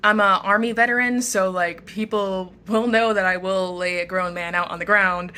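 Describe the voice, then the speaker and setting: Chatty young woman vlogging from her bedroom, bright and upbeat. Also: mid-range voice, steady tone, normal speed. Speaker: model and vlogger. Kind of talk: casual advice vlog. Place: bedroom at home.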